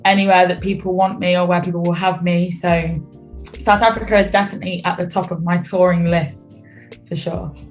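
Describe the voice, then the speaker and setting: A young woman with a British accent speaks in a fairly low voice, relaxed and chatty, as a guest in a radio interview. Faint music plays softly behind her. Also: fairly quick. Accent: British English. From United Kingdom. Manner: relaxed, chatty, laughs easily. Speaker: singer guest.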